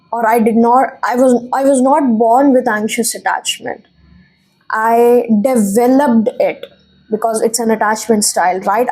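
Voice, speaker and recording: An earnest young woman from India, a tarot reader, speaking to her viewers in a slightly high, husky voice. She rambles and corrects herself, confiding and emotional, as if opening up to friends. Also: darkish tone, low-quality recording. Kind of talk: spiritual channel talk to viewers.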